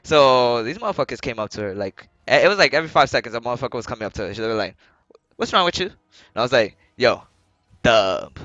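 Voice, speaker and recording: Animated young man telling a story. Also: mid-range voice, quick pace, no echo, dull audio, soft background music. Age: young adult. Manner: animated, profane, laughs while telling. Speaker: streamer. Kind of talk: casual storytelling on a live stream.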